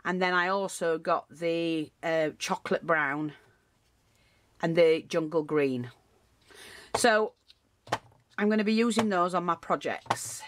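A woman's voice: fairly low pitch, takes it slowly, pauses often. A woman giving a casual, rambling craft tutorial, full of asides and restarts.

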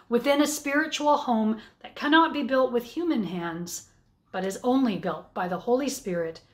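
A woman pastor with a Canadian accent, giving a sermon at a slow, measured pace with deliberate pauses. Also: fairly high pitch.

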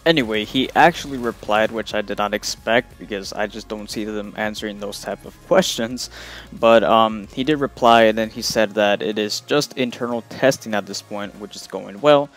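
A man's voice: lowish voice, moderate pace, soft background music. A young man hosting a casual gaming news vlog, talking loosely with lots of fillers. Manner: loose and rambling, many fillers. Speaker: gaming video host.

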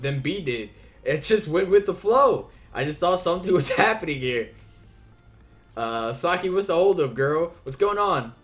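A man's voice: on the high side, fairly bright tone. A young man hosting a game playthrough, reading the characters' lines aloud in playful put-on voices and chatting casually with a bit of swearing. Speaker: let's play host.

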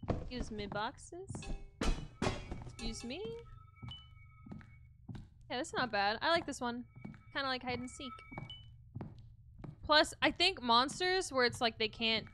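A woman's voice: sits high, expressive, a little slow, long pauses, background noise. A young woman streaming a horror game, swearing freely, reacting jumpily and talking to her chat. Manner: profane, jumpy, talks to chat. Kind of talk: horror game let's play. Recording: game music behind voice.

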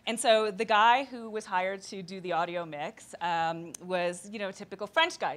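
Woman director on a panel, lively storytelling, mid pitch. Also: normal speed, few pauses. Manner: animated anecdotes, laughing.

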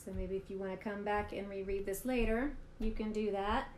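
A woman reads a picture book aloud for storytime, expressive and animated. Her voice sits at a middle pitch, and the room sounds roomy with a faint hiss underneath. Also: a little fast. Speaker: artist reading picture books.

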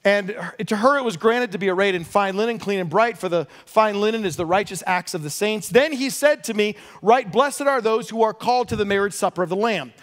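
A middle-aged pastor delivers a sermon, telling stories with humor and energy. His voice sits high for a man. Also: a little fast, hardly any pauses. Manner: animated storytelling with humor.

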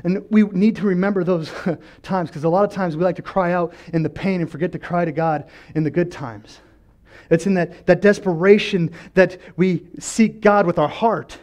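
A man with a high voice preaches a church sermon. He talks quietly at times, then climbs into loud, passionate cries to God, and he often stumbles and repeats words as he restarts a sentence. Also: fairly even intonation, normal speed. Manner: passionate, swings from quiet to shouting. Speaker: pastor.

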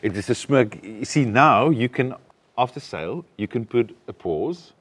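A man coaching a young actor, explaining and demonstrating lines in an animated way. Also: mid-range voice, normal speed, breathy edge. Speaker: acting coach. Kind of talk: coaching a student.

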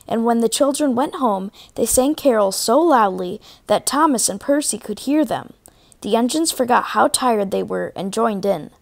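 A woman reading a children's storybook aloud, clear and even. Her voice sits a little higher than most women's. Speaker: storybook reader.

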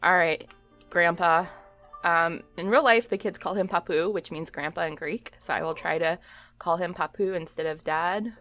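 A woman's voice: fairly low pitch, fairly even intonation, moderate pace, fairly bright tone, faint music behind. Chatty young woman commenting on gameplay. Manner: chatty, giggly, talks to her game characters. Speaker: let's play host.

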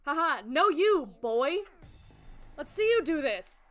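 A woman game streamer chatting excitedly with her viewers while playing, laughing often. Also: sits high, takes it slowly, soft background music. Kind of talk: excitable live-stream chat.

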